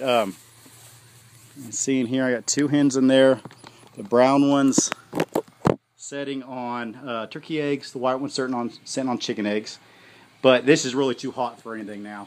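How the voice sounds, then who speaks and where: Folksy man touring his farm outdoors. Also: mid-range voice. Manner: rambling, folksy, talks to viewers as y'all. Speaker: homesteader showing his farm. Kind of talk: casual walking tour vlog. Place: outdoors on a farm in hot weather. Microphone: phone camera held while walking. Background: sheep and goats bleating.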